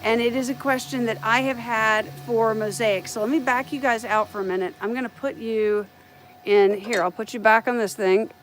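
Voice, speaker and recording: A woman's voice: a little high, steady tone, normal speed, low-quality recording. A middle-aged woman from the United States with a light Southern accent, chatting casually on a live stream about her printer and thinking aloud as she goes. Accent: light American Southern.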